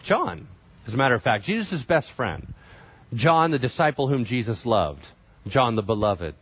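A man preaching a sermon, retelling scripture with animated storytelling and conversational asides. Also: medium pitch, moderate pace, husky, dry recording. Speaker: pastor. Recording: dry, slightly dull sound.

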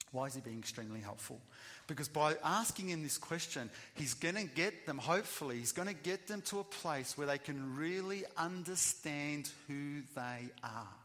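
A man giving a sermon, emphatic, swinging between loud bursts and quiet asides. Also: a little high, normal speed. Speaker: preacher. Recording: long reverb of a hall.

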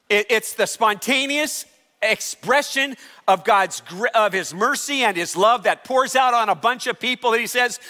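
Male pastor, sermon, high bright voice, long hall echo. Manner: emphatic, conversational preaching with rising calls. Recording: hall reverb.

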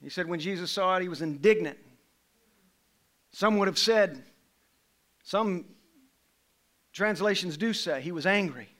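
A middle-aged man preaching a sermon, swinging from low, quiet passages to loud, raised ones. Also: unhurried, pauses often.

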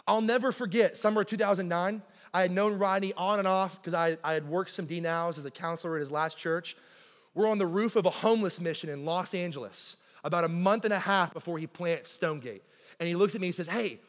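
High-voiced preacher man in a reverberant church. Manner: animated conversational storytelling, keeps asking "right?". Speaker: pastor. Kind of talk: sermon. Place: church sanctuary. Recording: long hall reverb in a church.

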